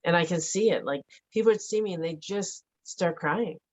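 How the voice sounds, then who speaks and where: A middle-aged woman giving a halting, emotional personal account as an interview guest, with many fillers and restarts. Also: lowish voice, a little mellow, poor audio. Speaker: interview guest, bereaved mother.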